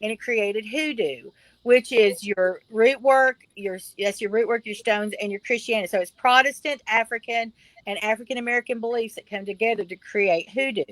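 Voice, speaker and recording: A woman's voice: on the high side, moderate pace, fairly bright tone, no echo, rough recording. A middle-aged woman from the Appalachian Mountains with an Appalachian accent, a guest on a video call, talking bluntly and emphatically. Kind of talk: casual chat.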